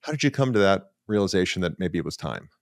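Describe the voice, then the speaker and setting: A middle-aged man hosting an interview podcast, talking with excitement and lots of "like" and "you know". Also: deep voice, fast, no echo, studio quality. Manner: enthusiastic, filler-heavy, animated. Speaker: podcast host. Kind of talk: casual interview conversation.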